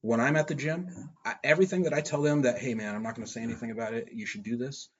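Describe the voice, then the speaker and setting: A man with a husky voice explains things earnestly as a kids' jiu-jitsu coach in a casual podcast chat. The sound is dull and lo-fi. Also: mid-range voice, fairly even intonation, quick pace.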